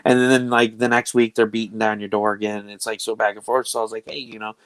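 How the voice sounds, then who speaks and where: A man's voice: on the low side, flat delivery, quick pace, a bit bright, no room sound. A man hosting a casual chat show, rambling enthusiastically and laughing often. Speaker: show host.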